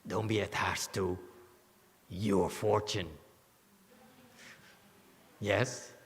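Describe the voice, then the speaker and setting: A man's voice: on the low side, level tone, very slow. A man giving a Buddhist sutra commentary as teacher, who keeps checking in with "okay?" and teases his listeners. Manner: playful, teasing asides to listeners. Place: temple lecture hall. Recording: long hall reverb.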